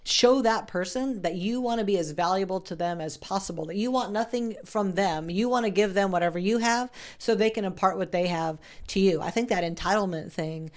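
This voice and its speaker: A woman's voice: mid-range voice, brisk, hardly any pauses. A middle-aged woman hosting a podcast in casual interview chat, candid and chatty, swearing now and then. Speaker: podcast host.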